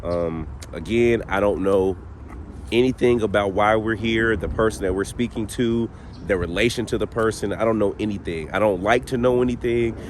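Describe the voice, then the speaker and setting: A man hosting a casual paranormal vlog outdoors at a cemetery, his voice jumping up whenever he gets excited. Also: lowish voice, normal speed. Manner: excitable, voice jumps up when excited. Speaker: host. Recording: outdoor street noise behind.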